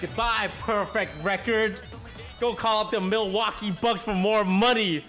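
Man, excited commentary, taunting, very high voice, faint music. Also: unhurried. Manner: hyped, taunting.

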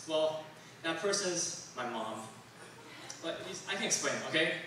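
A man's voice: on the high side, expressive, a little slow, noisy background. A young man from Taiwan doing a stand-up comedy set, rambling and self-deprecating with lots of fillers, on a club stage. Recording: very echoey room, distant mic.

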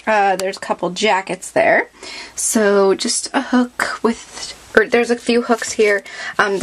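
A woman's voice: medium pitch, a little hiss or hum. A young woman vlogger giving a casual tour of her bedroom, filming with a handheld camera as she moves around and chats in a rambling way with lots of fillers. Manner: chatty, rambling, many fillers. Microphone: handheld camera, moving around.

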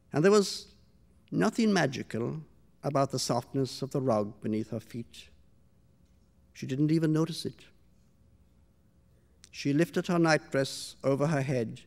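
Male author, measured literary reading voice, a touch high; stage reading. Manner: measured, quiet storytelling. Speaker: author reading his own story. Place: stage before a live audience.

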